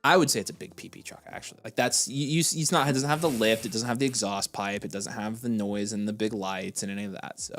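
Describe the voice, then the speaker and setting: A man co-hosting a casual fantasy football livestream, reading chat aloud in an animated, excitable way. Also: fairly low pitch, faint music behind. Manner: animated and excitable, quick to vent frustration.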